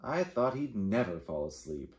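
A man voicing a sleepy, cozy male fox in a picture-book reading, gentle and unhurried. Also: lowish voice, sing-song. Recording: echoey room.

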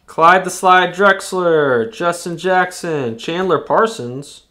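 A man's voice: high voice, slow pace, hardly any pauses, bright, forceful tone. A man hosting a live trading card break, reading out the cards he pulls and whooping at the big hits. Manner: reads player names off cards.

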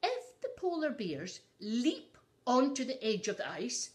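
A woman's voice: fairly high pitch, very animated, unhurried. A woman reading a picture book aloud to children, adding asides for young listeners. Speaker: storyteller.

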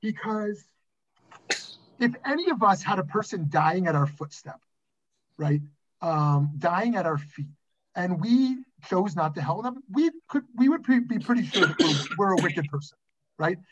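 A man's voice: high-pitched, expressive, unhurried. A rabbi teaching a class over a video call, speaking animatedly and often asking "right?" as he goes. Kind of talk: conversational online lesson with anecdotes. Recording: dull lo-fi video call audio.

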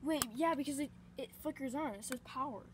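Teen girl, high-pitched, excitable, bossy, noisy phone recording. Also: a little fast. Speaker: vlogger filming. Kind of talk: casual chat.

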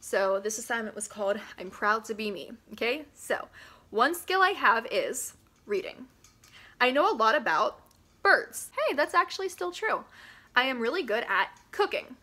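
Bright-voiced, giggly young woman vlogger. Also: on the high side, big pitch swings, normal speed. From Pennsylvania, US. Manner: giggly, chatty and self-mocking, with playful sarcasm. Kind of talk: casual vlog chat, reading old school papers aloud.

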